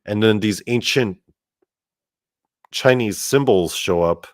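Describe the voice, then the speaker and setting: A man telling a story in a casual monologue, animated and profane, with lots of "like" fillers. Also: fairly low pitch, takes it slowly, no room sound, studio quality. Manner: animated and profane, heavy use of "like". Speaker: storyteller host.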